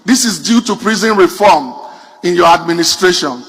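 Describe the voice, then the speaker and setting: A man's voice: high voice, expressive, normal speed, fairly bright tone, breathy edge. A Nigerian man performing a stand-up comedy routine. He tells punchy stories straight to the audience. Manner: addresses the audience directly, punchy storytelling.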